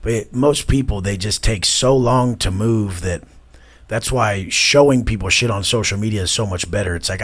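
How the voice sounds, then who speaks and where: A man in his thirties, a guest in an interview, talking bluntly and profanely, mocking people and bursting into loud imitations. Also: fairly low pitch, normal speed.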